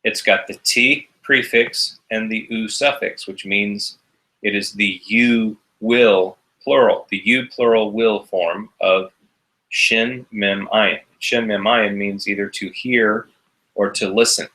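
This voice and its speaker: A man's voice: on the low side, steady tone, slow, bright, forceful tone, poor audio. A man teaching a recorded class, explaining each step patiently. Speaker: Hebrew teacher.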